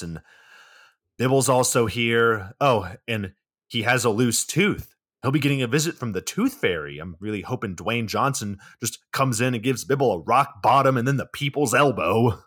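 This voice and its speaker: A man's voice: medium pitch, expressive, moderate pace, a bit bright. A man co-hosting a podcast, giving a sarcastic, swearing recap of a movie in casual chat. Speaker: podcast co-host.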